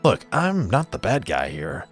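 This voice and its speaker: A man voicing a smooth-talking male smuggler in a tabletop game, slick and persuasive. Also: lowish voice, huge pitch swings, a little slow, faint music behind, full character voice. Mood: sly.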